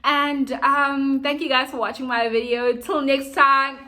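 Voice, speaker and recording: Bright-voiced South African woman vlogger. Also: high voice, measured pace. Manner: animated storyteller, chatty and self-mocking. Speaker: YouTuber. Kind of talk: storytime vlog.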